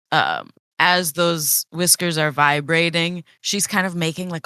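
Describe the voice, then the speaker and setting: Brief: woman player, lowish bright voice, chatty with fillers, dry sound. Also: clean tone, dry recording. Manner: explaining with many fillers. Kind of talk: casual tabletop play.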